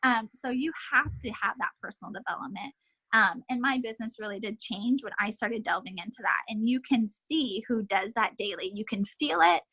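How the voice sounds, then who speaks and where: A woman with a bright, husky voice urges her team on in an emotional, impassioned pep talk, hammering her points home by repeating them. She speaks over a video call, and the sound is dry and close. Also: fairly high pitch, moderate pace, no echo, poor audio. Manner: emotional, impassioned, repetitive exhortations.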